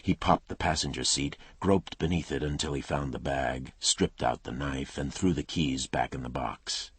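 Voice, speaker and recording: A man narrates a crime thriller in clipped, tense phrases. His voice is extremely low and markedly husky, recorded close and dry. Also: normal speed, a bit bright, no room sound. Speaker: audiobook narrator.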